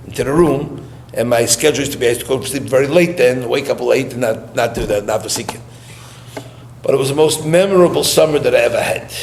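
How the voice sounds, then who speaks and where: A man's voice: medium pitch, creaky. A man giving a eulogy through chatty personal stories, laughing often and sprinkling in Yiddish and Hebrew words. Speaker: eulogy speaker. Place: gathering room during mourning visits. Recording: roomy hall with faint noise.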